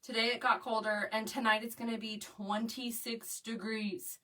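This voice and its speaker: Her voice is a little high and fairly bright, level in tone and moderate in pace. A middle-aged Oklahoman hosting a crafting live stream, she welcomes viewers, reads comments aloud, and chats with easy laughter, though she's slightly distant from the mic.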